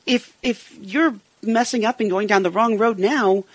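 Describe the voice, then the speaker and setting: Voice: medium pitch, a little slow, no echo. A participant in a Bible study who reads verses and talks them over earnestly, searching for words. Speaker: scripture reader in a Bible study.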